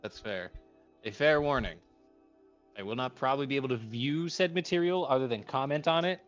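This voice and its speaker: A man's voice: medium pitch, brisk. Man, wry casual chatter, voice call, slightly dull audio, faint music behind. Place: online voice call.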